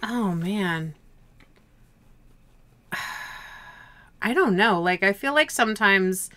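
A woman co-hosting a casual movie review chat, talking in a chatty, animated way and swearing casually. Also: mid-range voice, extremely slow.

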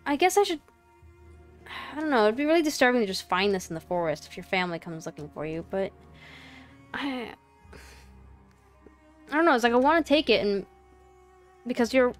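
A woman commentating her own gameplay in a casual, playful way, chatting to the game's creatures and apologizing to them. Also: mid-range voice. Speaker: gaming channel host.

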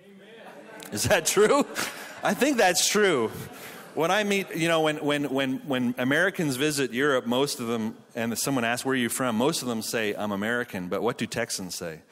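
A man's voice: medium pitch, fairly quick, a bit bright. A man in his thirties giving a humorous conference sermon. He tells jokey family stories and then turns to earnest Bible teaching, speaking in a conference hall.

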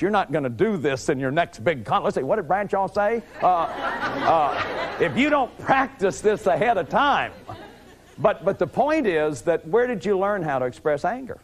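A man in his fifties giving a lively lecture, acting out little scenes and restarting sentences with repeated words. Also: high voice, moderate pace, some chatter behind, slight background noise. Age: 50s. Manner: animated, acts out little scenes with sudden shouts and growls. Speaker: lecturer on family therapy.

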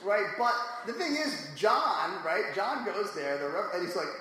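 A man with a fairly high voice talks in a loose, slangy, joking way on a live panel, acting out little quoted voices as he goes. His voice rings through an echoey hall with a long reverb tail and a faint hiss underneath. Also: a little slow. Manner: animated, jokey, slangy retelling with mock quotes. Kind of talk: casual panel discussion.

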